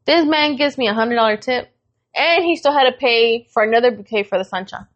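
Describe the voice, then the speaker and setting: Animated, swearing woman podcast co-host. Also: a little high, fairly quick, dull audio. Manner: animated storyteller, swears freely, acts out quoted voices. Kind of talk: casual chat.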